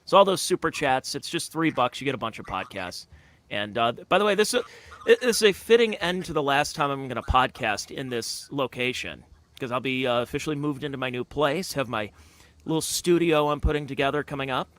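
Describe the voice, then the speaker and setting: A man co-hosting a podcast in casual chat, hesitant and halting with many fillers. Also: medium pitch, animated, fairly bright tone. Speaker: podcast co-host.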